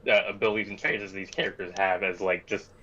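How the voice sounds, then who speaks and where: A man's voice: low-pitched, little pitch movement, fast talker, sharp tone. A young man co-hosting a casual stream chat, talking hesitantly with many fillers and trailing thoughts. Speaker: co-host. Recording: dull lo-fi mic.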